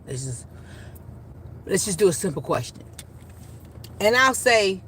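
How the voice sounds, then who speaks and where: A woman who works in childcare telling casual stories to the camera, animated and emphatic, leaning on "literally" and "you know" as she acts out her own comebacks. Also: a little high, moderate pace, long pauses, husky. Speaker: vlogger and childcare worker.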